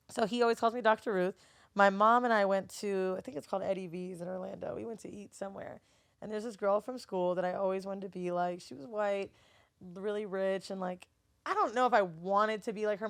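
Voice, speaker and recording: A woman's voice: medium pitch, gravelly, dry recording. A woman in a casual podcast chat, talking candidly and swearing freely, acting out her relatives' voices as she tells stories. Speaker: guest, studio owner and TV host.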